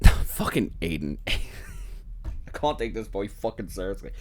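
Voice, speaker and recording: Lively, cursing man reacting. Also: on the low side, slow pace. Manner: swears freely, laughs often. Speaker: webtoon reaction host. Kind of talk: casual reading and reaction commentary.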